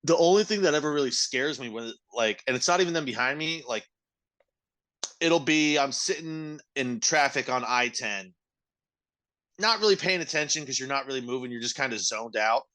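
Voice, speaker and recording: A man co-hosting a podcast in casual chat, joking and riffing quickly. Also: medium pitch, expressive, bright, forceful tone. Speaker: podcast co-host.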